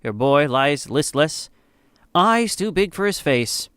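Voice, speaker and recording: A man narrates a grim story in the second person, grave and somber. His voice is smooth and clear, pitched a little high, and the recording is dry and close. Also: expressive, takes it slowly, fairly bright tone, no room sound.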